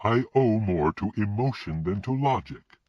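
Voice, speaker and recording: A man voicing a distraught, sharp-tongued middle-aged woman in an audiobook, speaking in a raised, emphatic voice. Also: lively intonation, a little slow, no echo. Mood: rueful. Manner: raised pitch, emphatic and indignant. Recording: dull lo-fi recording.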